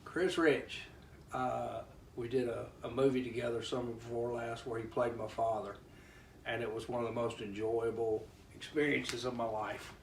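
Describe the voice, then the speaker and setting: A man's voice: mid-range voice, flat delivery, normal speed, vocal fry. A man introducing friends with affection, speaking hesitantly with many fillers. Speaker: honoree introducing guests. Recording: echoey room, distant mic, faint noise.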